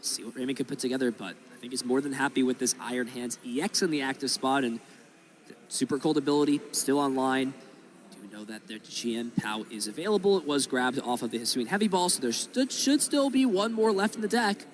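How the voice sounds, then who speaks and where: A man's voice: medium pitch, animated, a little fast, slight background noise. A man commentating a live card game match, talking through each play in analytical detail. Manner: analytical, explains plays at length.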